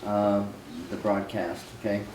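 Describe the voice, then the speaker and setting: Low, flat-voiced man, hesitant and distant. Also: measured pace, noisy background. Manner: hesitant, with many fillers. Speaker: memorial attendee. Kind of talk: personal remarks. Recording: echoey room from a distance.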